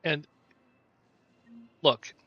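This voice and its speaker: A man's voice: drawn-out words, a bit bright, no room sound, dull audio. A man casually commenting on a game he is playing, playful and laughing often. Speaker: gameplay streamer.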